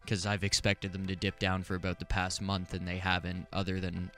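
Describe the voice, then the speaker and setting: Man, hockey panelist, low voice, steady analysis, quiet music behind. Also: a little fast. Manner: steady informed analysis, some stammered starts. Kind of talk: casual sports talk.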